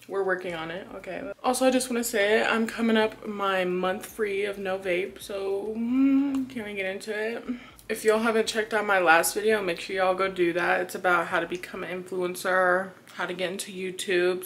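A woman's voice: medium pitch, slight background noise. A young woman vlogging at home in a casual, chatty way. She talks bluntly, swears freely and says "y'all". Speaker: lifestyle vlogger. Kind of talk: casual vlog chat. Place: at home indoors. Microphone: compact camera held close.

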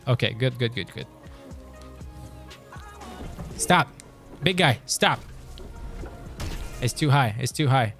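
Excitable swearing male game streamer. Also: on the high side. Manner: swears and talks back to enemies, excitable. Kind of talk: live gameplay commentary.

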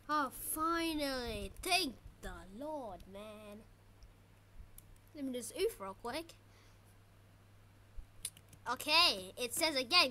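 A woman giving casual gameplay commentary as a channel host, excitable and trash-talking her opponents. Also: high voice, slow, pauses often, slight background noise.

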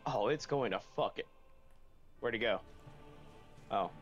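A man playing a co-op game at home with friends, excitable, swearing and yelling at the screen. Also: medium pitch, measured pace, highs cut off, faint music behind. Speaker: gamer. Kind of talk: casual co-op gaming chat. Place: room at home.

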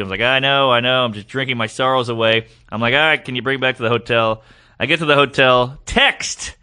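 A man's voice: medium pitch, quick pace, smooth. A man, a guest comedian, telling a comic story on a podcast and acting out the quoted lines in different voices. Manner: animated, acts out quoted lines in varied voices.

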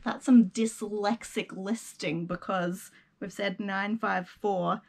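A young Australian woman co-hosting a reselling vlog, chiming in with quick, playful comments. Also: medium pitch, fairly even intonation, vocal fry. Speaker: eBay reseller co-host. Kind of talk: casual vlog chat.

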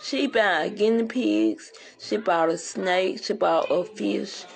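A woman's voice: mid-range voice, takes it slowly, creaky. A woman ranting bluntly and profanely in a casual livestream, rambling from one complaint to the next.

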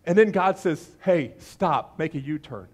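A male pastor giving a sermon with animated storytelling, acting out the quoted voices of his listeners and biblical figures. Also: fairly high pitch, measured pace, slightly rough.

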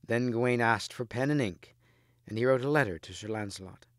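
A man reading a storybook aloud in a measured, steady way, close to the mic. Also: mid-range voice, no echo. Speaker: audiobook reader.

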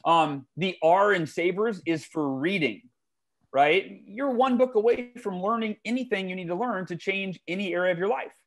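A man, a guest author in a podcast interview, telling stories in an animated way with big swings in his voice. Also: sits high, normal speed. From United States.

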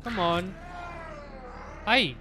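Over background game music, a streamer gives casual live commentary, chatting with viewers and to themself and sounding sleepy. Their voice is mid-range and sharp in tone, and the delivery is very slow.

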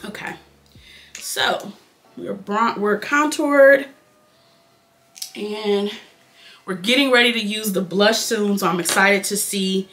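Fast-talking nasal Detroit woman. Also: mid-range voice, fairly bright tone, slight background noise. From Detroit, Michigan. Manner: fast-talking, chatty, addresses viewers as y'all. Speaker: beauty vlogger. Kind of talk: casual chat while doing makeup.

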